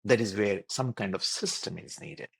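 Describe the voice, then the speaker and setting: A man's voice: lowish voice, moderate pace, vocal fry, a bit bright, slightly rough, dry recording. Man, interview guest; earnest and explanatory, dry close mic. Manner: earnest, explains with repeated phrases and lists. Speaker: doctor and wellness program creator.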